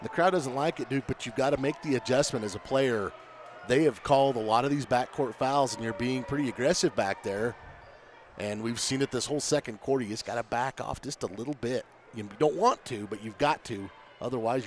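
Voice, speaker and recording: A man's voice: medium pitch, brisk, a little hiss or hum. Easygoing basketball color commentator man. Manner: conversational, coaching-minded, talks to his partner. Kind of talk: relaxed game analysis.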